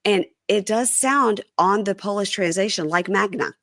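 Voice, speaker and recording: A woman's voice: mid-range voice, moderate pace, fairly bright tone, dry recording, studio quality. A woman hosting a casual reality TV podcast, reading an ad and chatting playfully to listeners. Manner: chatty, playful, addresses listeners as "you guys". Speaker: podcast host. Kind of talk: casual reality TV podcast chat and host-read ad.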